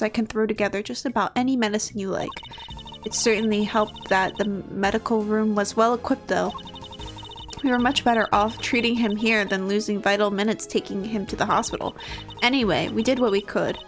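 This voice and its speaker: A woman's voice: medium pitch, fairly even intonation, brisk, soft background music, lightly acted. A woman voicing a sweet, chatty older female pharmacist with a put-on British accent, calling everyone dear. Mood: cooing. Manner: cooing, calls everyone dear. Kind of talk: reading game dialogue aloud.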